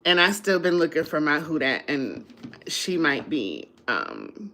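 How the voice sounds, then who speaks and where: A woman's voice: sits low, huge pitch swings, a little slow, noisy background. A woman hosting a casual live stream, chatting with viewers, laughing often and sounding drowsy after a meal. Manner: sleepy after eating.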